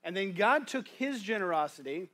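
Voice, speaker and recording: In a church sanctuary, a guest preacher with a voice a little high for a man delivers a sermon in a folksy, conversational style, often restarting sentences. His delivery is bright and forceful, with big pitch swings at normal speed.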